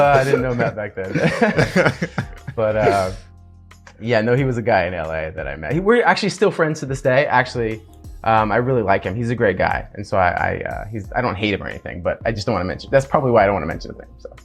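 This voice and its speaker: Guest: man, 30s, lively pitch, tells stories with laughs, faint music behind. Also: brisk. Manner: animated, acts out quotes in a high voice; laughs often while telling stories. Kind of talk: casual storytelling.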